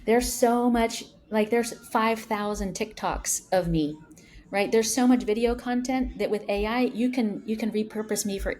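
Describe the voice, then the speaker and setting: A woman in her fifties, a founder talking as a podcast guest, telling stories in a lively way with many fillers. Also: on the high side, moderate pace. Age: 50s. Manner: animated storyteller, many fillers. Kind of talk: casual interview talk.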